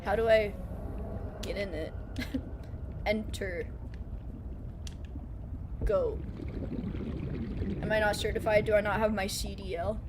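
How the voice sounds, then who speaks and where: A woman's voice: mid-range voice, fairly even intonation, takes it slowly, pauses often, background noise. A woman streaming a video game live, chatting casually and playfully and laughing often. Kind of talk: casual live gameplay chat. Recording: game sounds audible behind voice.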